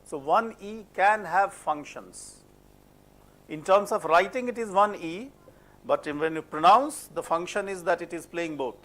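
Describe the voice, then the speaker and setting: A man's voice: sits high, measured pace, pushed and bright. A man with an Indian English accent lecturing a class on French pronunciation, asking questions and repeating words as a drill. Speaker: French phonetics teacher.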